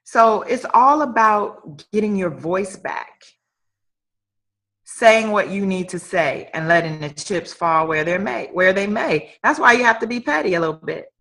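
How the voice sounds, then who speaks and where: This woman, a guest entrepreneur in a motivational live-stream conversation, has a medium-pitched, somewhat bright voice with vocal fry. She speaks expressively and a little slowly, in an emphatic, preacher-like way, repeating phrases to give them weight.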